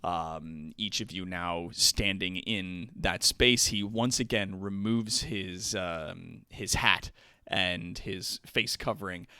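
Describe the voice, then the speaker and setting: Man, low-pitched, bright forceful tone, halting game-master narration, dry mic. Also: smooth, dry recording. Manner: rambling, halting narration with many fillers.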